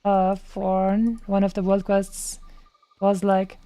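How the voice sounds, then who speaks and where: A woman's voice: mid-range voice, completely flat delivery, takes it slowly, dark tone, smooth, no room sound. A young woman streaming a game, chatting casually and playfully, tossing in silly sound effects. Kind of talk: casual gaming chat.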